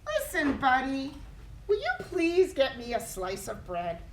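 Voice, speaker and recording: A woman doing a gentle, patient mother rabbit. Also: sits high, huge pitch swings, reverberant, slight background noise, exaggerated voice, low-quality recording. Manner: asking slowly and clearly.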